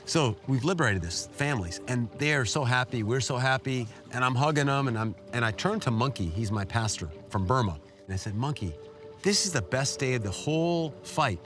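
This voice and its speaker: A middle-aged man giving an earnest, emotional personal testimony as an interview guest, his pitch jumping up when he is moved. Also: lively intonation, fairly quick, over music. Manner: emotional, earnest storytelling with sudden rises in pitch. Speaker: guest telling a war story.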